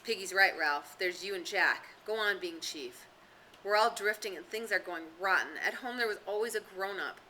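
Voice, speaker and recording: A woman voicing a quiet, thoughtful schoolboy who speaks softly and wistfully. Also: mid-range voice, moderate pace, slight background noise, close to an everyday voice, poor audio.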